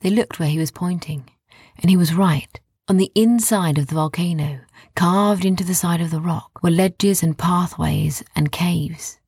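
Storyteller, woman, low and gravelly; soft hushed reading, dry close mic. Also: measured pace, dry recording. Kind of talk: bedtime story narration.

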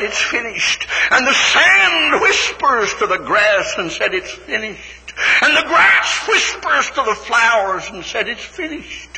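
A fiery preacher man delivers a revival sermon in a high, piercing, gravelly voice. His words build into shouted climaxes and ring out through a long hall echo. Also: slight background noise. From West Virginia, USA. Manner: fervent old-time preaching, rising to shouted climaxes. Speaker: evangelist preacher. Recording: reverberant hall recording.

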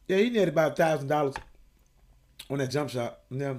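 A man's voice: a little high, a little fast, a little mellow. A man hosting a podcast, rambling through a casual monologue with lots of profanity. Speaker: podcast host.

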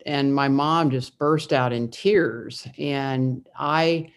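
A woman's voice: rumbling low, very slow. A woman from Indiana, a guest telling a personal story in a conversation, earnest, with frequent restarts and fillers. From Midwest US, Indiana.

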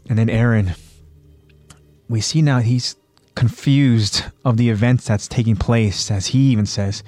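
A man's voice: medium pitch, a little slow, darkish tone, no echo. A man hosting a podcast, plainly retelling an anime episode with fillers. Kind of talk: episode recap narration.

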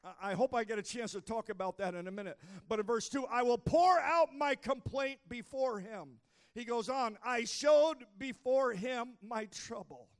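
High, gravelly preaching pastor. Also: male voice, moderate pace. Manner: preaching with rising intensity, frequent "uh" fillers, shouted exhortation. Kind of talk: sermon. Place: church sanctuary.

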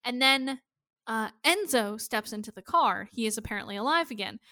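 A woman's voice: a little high, lively intonation, normal speed, bright, forceful tone. A woman casually recapping a TV episode for a co-host, chatty and full of "like" fillers. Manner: chatty, lots of "like" fillers, acts out quotes. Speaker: podcast co-host.

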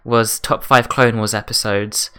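A young man with an English accent hosts a relaxed podcast chat. His voice is smooth and clear, and he often stammers on the first word of a sentence. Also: on the low side, measured pace. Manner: stammering, laughs easily. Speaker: podcast host. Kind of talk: casual chat.

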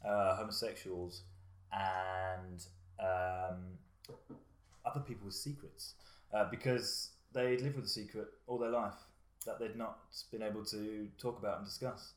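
Low-voiced man rambling about a film. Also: fairly even intonation, unhurried, reverberant. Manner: rambling, with frequent fillers and restarts. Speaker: podcast co-host. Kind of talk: casual film review chat.

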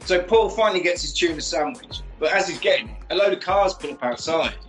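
A man's voice: a little high, lively intonation, fairly quick, faint music behind, rough recording. A man hosting a podcast, animatedly retelling a film plot for laughs. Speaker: podcast co-host. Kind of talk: comic film recap.

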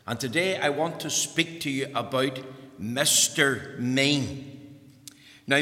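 A man telling a story to children, lively and asking them questions as he goes. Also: on the high side. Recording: long hall reverb.

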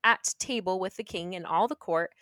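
A woman's voice: fairly low pitch, normal speed, a bit bright, dry recording. A young woman reading a fairy tale aloud and breaking off into playful, sarcastic jokes. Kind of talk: reading a story aloud with joking asides.

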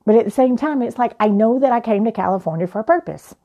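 A young adult woman, a life coach, telling a personal story in an animated, playful way. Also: a little high, quick pace, highs cut off.

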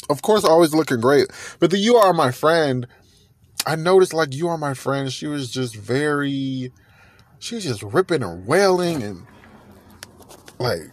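A man hosting a podcast, chatting in a gushing, animated way and repeating himself often. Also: a little high. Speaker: podcast host. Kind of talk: casual music gossip chat.

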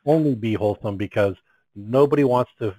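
A man's voice: fairly low pitch, a little fast, mellow, no echo, rough recording. A man co-hosting a comedy podcast, reading odd news stories aloud with crude jokes and stumbles.

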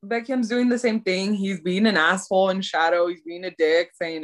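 A young woman retelling a drama episode scene by scene in casual chat, animated and full of "like". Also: medium pitch, moderate pace, few pauses. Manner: animated storytelling, many "like"s. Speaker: co-host recapping a drama.

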